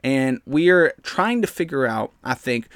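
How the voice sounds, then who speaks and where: A man's voice: medium pitch, animated, unhurried, a bit bright, no echo, clean studio sound. A man hosting a podcast alone, ranting bluntly and heatedly in casual slang and talking straight to his listeners. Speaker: podcast host.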